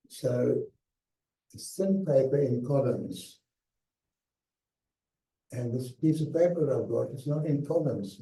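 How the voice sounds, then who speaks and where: Older man, slow and roomy. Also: mid-range voice. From South Africa. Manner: slow, emphatic, with hushed pauses. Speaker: guest speaker. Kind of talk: personal memoir talk. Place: lecture hall. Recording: echoey hall, mic at a distance.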